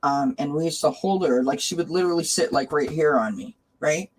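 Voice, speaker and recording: Woman host of a live tarot chat, warm, chatty, greets viewers by name. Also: low voice, brisk, slightly rough. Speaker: tarot reader and channel host. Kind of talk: casual live-stream chat.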